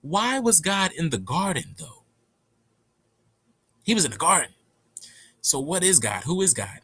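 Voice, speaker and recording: A young man telling a rambling, profane story in a casual, animated way. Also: fairly high pitch, unhurried, husky, no echo.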